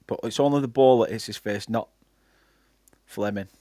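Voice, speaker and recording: Chatty Lancashire fan commentating a match. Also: male voice, on the low side, normal speed, mellow, no room sound, clean studio sound. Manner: chatty, reads out viewer comments between play-by-play. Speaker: fan channel host doing live match commentary. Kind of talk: casual live watchalong commentary.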